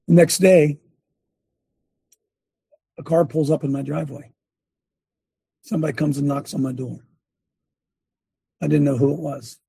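Gravelly older man preaching a testimony. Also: a little high, steady tone, unhurried, pauses often, mellow, no room sound. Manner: emphatic storytelling with many repeats and restarts; breaks off to direct a helper at a screen. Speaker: speaker and former coach. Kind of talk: sermon-like testimony.

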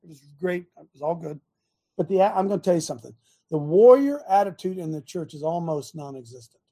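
A man hosting a Christian talk show, speaking in a fiery, provocative, preaching style with loud bursts of emphasis. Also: fairly high pitch, animated, a little fast.

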